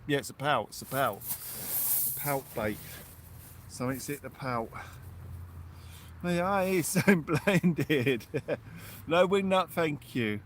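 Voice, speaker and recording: Excitable man hosting a night fishing stream. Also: fairly high pitch, slow, pauses often, a little hiss or hum. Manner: excitable, thanks supporters at length. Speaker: fishing livestream host. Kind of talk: live commentary and thanking viewers. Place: outdoors on the shore at night.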